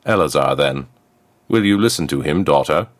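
A man voicing a stern, commanding king and father in a story reading, firm and measured. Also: a bass voice, expressive, dry recording. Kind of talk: audiobook character voice.

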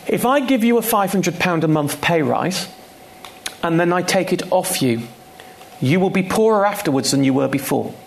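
A man's voice: medium pitch, gravelly, slight background noise. A man speaking as a guest at a live on-stage conversation, emphatic and repeating key points for stress. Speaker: guest speaker, consumer finance campaigner.

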